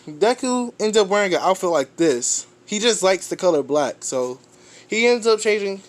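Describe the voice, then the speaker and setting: A man's voice: high voice, lively intonation, normal speed. A man casually retelling a fan story, rambling, restarting often and swearing offhand.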